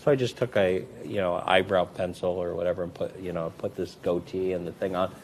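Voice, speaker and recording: Fairly quick and animated, a man recounts anecdotes during an interview, with slight background noise behind him. He's a magician and comedy performer who plays out the quoted voices through big swings in pitch and volume.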